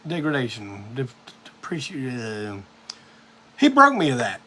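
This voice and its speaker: A man's voice: medium pitch, wildly swooping pitch, unhurried, pushed and bright, slight background noise. A man hosting a live music show, telling a rambling, profane story in a casual monologue.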